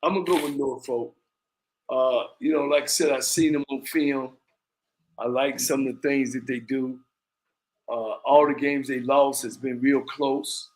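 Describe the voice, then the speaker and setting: A man co-hosting a casual football picks chat, animated and repeating words as he talks. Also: medium pitch, a little slow.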